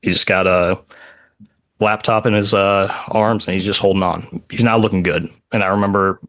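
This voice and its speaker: A man telling a personal story on a podcast, in a halting way with many pauses and "like" asides. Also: on the low side, fairly even intonation, fairly bright tone.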